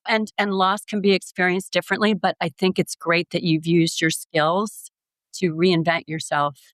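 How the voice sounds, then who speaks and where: A woman co-hosts a podcast interview, encouraging as she asks her questions. Her voice is a bit low and the sound is dry and close. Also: fairly even intonation, normal speed, fairly bright tone, no room sound. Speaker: podcast co-host.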